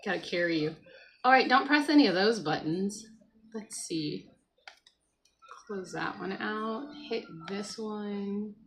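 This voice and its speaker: A woman's voice: medium pitch, lively intonation, slow pace, long pauses, noisy background. A woman hosting a casual morning livestream at home, chatting to viewers, reading the chat aloud and talking to her child beside her. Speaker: livestream host. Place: at home by a computer.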